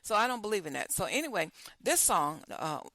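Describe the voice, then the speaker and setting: A woman's voice: mid-range voice, very animated, brisk, a bit bright, no echo, rough recording. A woman hosting a talk show, musing aloud with lots of repeated questions and restarts. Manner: repetitive, questioning, rambling with many restarts. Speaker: host. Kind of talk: casual talk show monologue.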